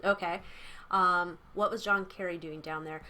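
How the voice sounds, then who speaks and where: A woman's voice: fairly low pitch, steady tone, measured pace, bright, forceful tone. A young adult woman hosting a casual tarot reading vlog from a small room at home, rambling and giggly. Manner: chatty, rambling, giggly asides. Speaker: tarot reader. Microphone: camera mic.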